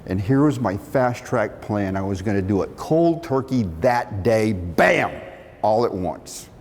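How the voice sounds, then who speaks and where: A middle-aged man telling a story from his working life, animated, acting out the quotes. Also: unhurried. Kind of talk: storytelling talk. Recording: long reverb of a hall, faint rumble.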